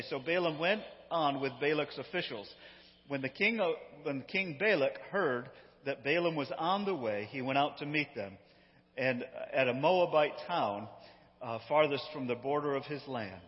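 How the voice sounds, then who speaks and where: A man preaching, telling a Bible story in an animated way and acting out the voices. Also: a little high, moderate pace. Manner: lively, acts out quotes, laughs often. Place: hall with live audience. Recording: dull sound, echoey hall.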